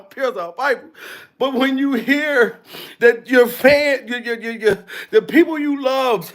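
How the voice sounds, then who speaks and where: A man in his forties doing a comedic reaction, loud and profane, with exaggerated fake sobbing broken by laughter. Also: very high-pitched, normal speed. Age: 40s. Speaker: comedy vlogger. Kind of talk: comedic mock-crying reaction.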